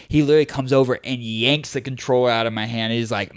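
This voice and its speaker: A young man co-hosting a podcast, telling stories in a loose, animated way, leaning on "like" and "dude" as fillers. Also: mid-range voice, quick pace, hardly any pauses, smooth, no echo, clean studio sound. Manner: animated storyteller, heavy filler use of "like" and "dude". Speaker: podcast co-host. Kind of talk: casual chat.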